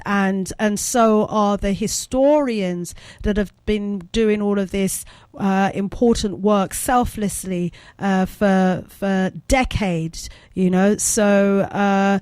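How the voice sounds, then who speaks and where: A woman's voice: medium pitch, clear, resonant tone, no echo. Lady hosting call-in radio, hesitant, lots of ums, dry close sound. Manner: gentle, hesitant, many fillers. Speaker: radio host.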